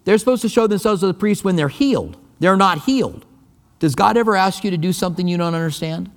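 Guy preaching a sermon, kinda high voice, chatty but punchy, lots of repeating himself, big echoey church. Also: fast talker. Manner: conversational, emphatic preaching with repeated phrases. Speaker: pastor. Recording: long reverb of a large hall.

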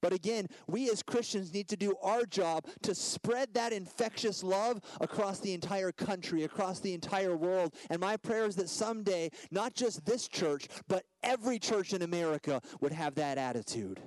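A man in his thirties preaches with a slightly high voice, rising to loud emphasis and dropping to hushed asides. The sound is dry and close, with no room around it. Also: moderate pace, few pauses, no room sound, poor audio. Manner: dynamic, swings from loud emphatic lines to soft hushed ones. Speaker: guest preacher. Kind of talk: sermon.

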